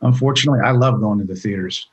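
A man in his forties from California, an actor talking as a guest in a relaxed, rambling, profane way, with lots of "you know". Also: on the low side, very fast, husky, rough recording. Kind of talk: casual interview.

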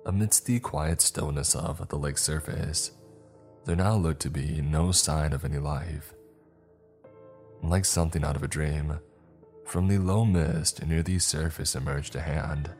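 A man reading a horror story aloud in a slow, measured storytelling voice. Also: extremely low pitch, a little mellow. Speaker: narrator. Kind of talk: scripted horror narration.

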